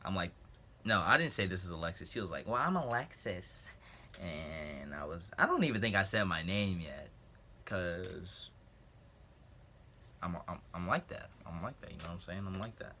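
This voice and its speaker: A man's voice: sits low, animated, moderate pace, pushed and bright, a little hiss or hum. A young man in a casual storytime vlog, animatedly telling a story and acting out what others said. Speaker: vlogger.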